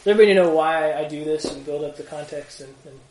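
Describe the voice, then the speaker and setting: Male Bible study leader, lively and chatty, slightly higher voice, echoey room. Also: quick pace, slight background noise. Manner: animated, conversational, rhetorical questions. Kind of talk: casual group teaching.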